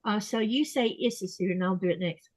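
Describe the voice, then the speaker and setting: A woman hosting a casual podcast chat, talking easily and slowing down to spell out how words are said. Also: mid-range voice, a little mellow, no room sound. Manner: chatty, explains pronunciation slowly and repeats words. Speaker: podcast host.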